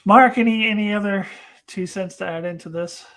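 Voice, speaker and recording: A woman's voice: medium pitch, normal speed, a bit bright. A woman hosting a casual live discussion stream, ranting with animation and acting out mocking quotes. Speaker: host.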